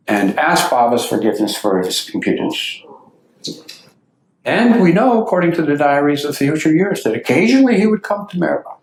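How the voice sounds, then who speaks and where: A man giving a lecture to an audience, telling anecdotes and acting out the quotes. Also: mid-range voice. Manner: lively anecdotal storytelling with acted quotes. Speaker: speaker giving a talk. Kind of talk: storytelling lecture. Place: meeting hall. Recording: echoey hall.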